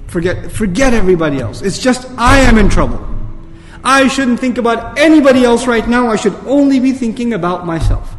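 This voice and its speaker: A man's voice: very high voice, animated, fairly quick, big-room sound. A man giving an urgent religious lecture, pressing the audience with rhetorical questions and reciting Arabic verses. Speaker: Islamic speaker. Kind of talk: lecture sermon.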